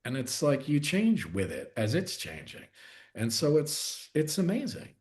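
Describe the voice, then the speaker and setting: A man's voice: on the high side, wildly swooping pitch, measured pace, a little mellow. A middle-aged actor chatting as a guest on a video call, talking in restarts and self-interruptions and growing more enthusiastic as he goes. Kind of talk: casual interview chat.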